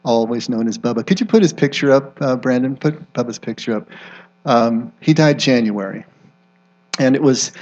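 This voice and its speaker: A man with a gravelly voice speaks in a reflective, conversational way to his congregation, pausing on fillers. The recording sounds dull and lo-fi, like a live room tape. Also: mid-range voice, darkish tone. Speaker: pastor and ministry co-founder. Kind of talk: sermon introduction.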